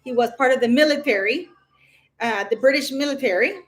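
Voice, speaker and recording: A woman's voice: high-pitched, brisk. A woman hosting a casual livestream, rambling and chatty with lots of fillers. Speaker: livestream host.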